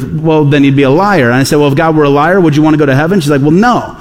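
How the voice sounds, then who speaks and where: A middle-aged pastor preaches in an easy, conversational way, slipping into the voices of the people he quotes. His voice sits a little high for a man. The sound rings with the long reverb of a large church sanctuary. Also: very fast. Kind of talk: sermon.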